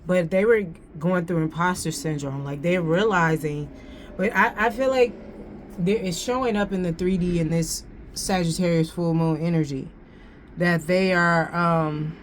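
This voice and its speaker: Over a faint room hum, a woman gives a casual tarot reading in a slightly low voice. She takes her time with each card, talking in a slangy, loose way and repeating phrases as she figures things out.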